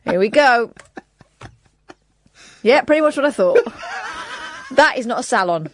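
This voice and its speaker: A woman's voice: fairly high pitch, expressive, measured pace, a little hiss or hum. Wry woman co-hosting on radio. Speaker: radio co-host and producer. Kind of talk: casual studio banter. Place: radio studio.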